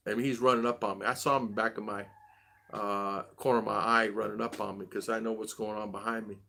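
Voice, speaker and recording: A man's voice: fairly low pitch, level tone, a little fast, gravelly, pushed and bright, a little hiss or hum. A middle-aged man hosting a casual vlog stream, rambling and repeating himself as he answers viewers with blunt advice. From United States. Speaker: vlog host.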